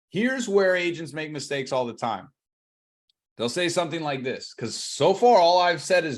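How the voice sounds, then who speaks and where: A man coaching on cold calling, energetic and acting out both sides of the calls. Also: a little high, normal speed. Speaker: real estate coach.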